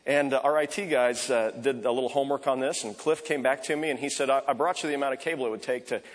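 Husky-voiced male pastor preaching, reverberant hall. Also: medium pitch, quick pace. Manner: conversational, with soft repeated prayer phrases. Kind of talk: sermon.

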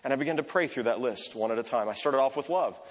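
A man preaching a sermon as pastor, conversational, softly repeating short prayer phrases. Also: medium pitch, quick pace. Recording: echoey hall reverb.

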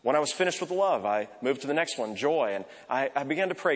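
Husky-voiced male pastor preaching, reverberant hall. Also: mid-range voice, lively intonation, fast. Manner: conversational, with soft repeated prayer phrases. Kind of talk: sermon.

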